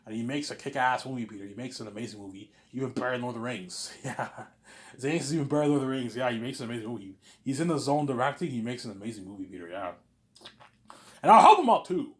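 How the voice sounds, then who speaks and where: A man's voice: mid-range voice, rapid-fire. A man talking casually in a rambling monologue, often saying "obviously" and pleading with emphasis. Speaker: host. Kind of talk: casual monologue, imagined film planning.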